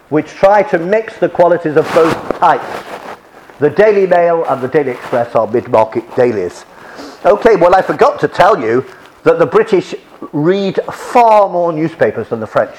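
A man's voice: on the high side, expressive, normal speed, a little mellow, a little hiss or hum, low-quality recording. A man giving a classroom lecture with slides, chatty, often repeating and restarting his phrases.

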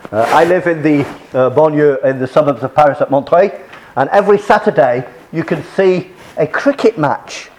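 A man's voice: a little high, a little mellow, a little hiss or hum, low-quality recording. A man giving a classroom lecture with slides, chatty, often repeating and restarting his phrases.

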